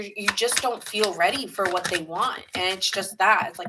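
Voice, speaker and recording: Woman, New York accent, tarot reader on a live stream, chatty and rambling, bright forceful voice. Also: medium pitch, unhurried, few pauses, husky, poor audio. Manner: chatty and rambling, greets viewers in the chat.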